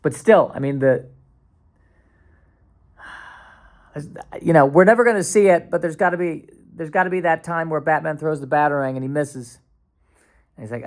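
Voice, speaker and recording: Gravelly sarcastic man rambling on a podcast. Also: a little high, normal speed, long pauses. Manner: sarcastic, rambling, with frequent restarts and sudden mock panic. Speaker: podcast host. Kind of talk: casual solo podcast rambling.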